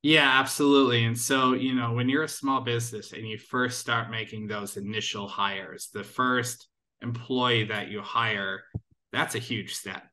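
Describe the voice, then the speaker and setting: A man's voice: mid-range voice, steady tone, unhurried, pushed and bright. A man appearing as a podcast guest, explaining small business advice in an upbeat, advisory way. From United States. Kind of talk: casual interview answers.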